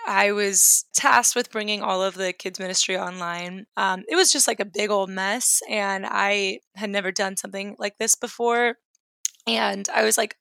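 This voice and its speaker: A woman's voice: mid-range voice, creaky, pushed and bright, dry recording. A woman in her twenties from New York, candidly recounting a personal story in a rambling way with many "like" fillers. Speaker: guest.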